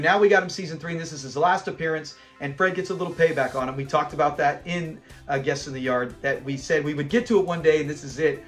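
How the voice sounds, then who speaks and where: Male fan-channel host, slightly high voice, casual animated recap, chuckles a lot, faint music under. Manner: animated, rambling, chuckles often. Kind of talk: casual chat recapping a sitcom episode.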